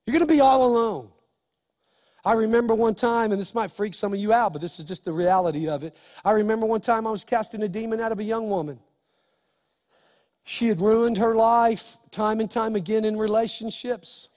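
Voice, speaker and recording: A male pastor preaching an impassioned sermon, building to shouts. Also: high voice, a little fast, big-room sound.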